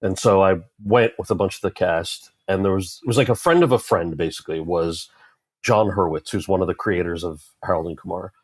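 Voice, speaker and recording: A man in his forties, an actor guest in an interview, telling stories in a conversational way and acting out quoted lines with animated jumps in pitch. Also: a little fast, breathy edge, no echo. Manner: animated, acts out quoted voices with rising pitch.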